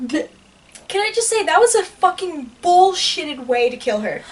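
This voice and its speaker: Animated high-voiced young woman, laughing. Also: a little slow. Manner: animated, swears, laughs a lot. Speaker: reaction channel co-host. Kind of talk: casual reaction chat. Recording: distant mic.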